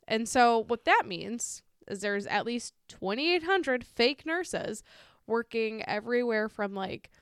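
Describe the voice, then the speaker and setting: A woman's voice: on the high side, animated, slow, clear, resonant tone, no echo, studio quality. A woman with a Midwestern American accent co-hosting a podcast in casual chat, laughing often, swearing freely and stumbling over names as she reads news items. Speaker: podcast co-host.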